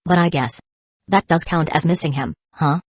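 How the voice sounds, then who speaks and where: A woman's voice: low-pitched, normal speed, slightly rough, no echo. Woman voicing a stubborn young barmaid. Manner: stubborn, dry.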